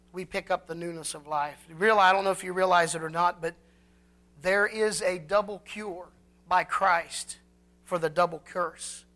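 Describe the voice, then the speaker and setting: A pastor delivers a sermon with a bright, sharp edge to the voice. Scripture is read slowly and drawn out, and the key phrases swell louder and higher with fervor. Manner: slow, drawn-out scripture reading.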